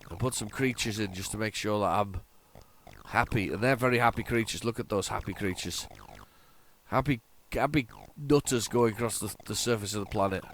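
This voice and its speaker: A congested man with a stuffy nose hosts a retro gaming channel, giving rambling, chatty gameplay commentary full of restarts and repeated words. His voice is fairly low and a bit bright, at a moderate pace, with a little hiss or hum in the recording.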